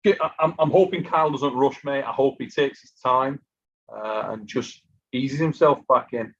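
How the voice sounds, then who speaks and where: Tired, husky-voiced man hosting live. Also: mid-range voice, normal speed. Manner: chatty, reads out super chats. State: exhausted from lack of sleep. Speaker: host of an armwrestling live stream. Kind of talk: casual live-stream chat. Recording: muffled lo-fi live stream audio.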